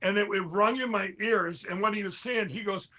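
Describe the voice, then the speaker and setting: A man pitching his products in a casual chat, rambling with halting restarts and fillers. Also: bright, forceful tone. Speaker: guest, company founder.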